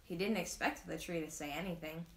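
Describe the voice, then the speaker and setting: A woman reading a children's storybook aloud to a live audience, expressive, with asides to her listeners. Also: fairly low pitch, a little fast, a little hiss or hum.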